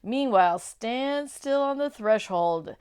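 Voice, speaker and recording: A woman's voice: on the high side, lively intonation, slow, darkish tone, clean tone, voice pushed up. A woman voicing a snarling male wolf, the chief of a witch's secret police, with a growling delivery. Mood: menacing.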